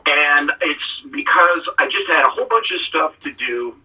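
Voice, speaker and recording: Bright, husky-voiced middle-aged man telling stories. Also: a little high, animated, normal speed, distant mic, lo-fi sound. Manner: rambling storyteller who acts out quotes. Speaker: show host. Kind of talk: casual talk-show chat.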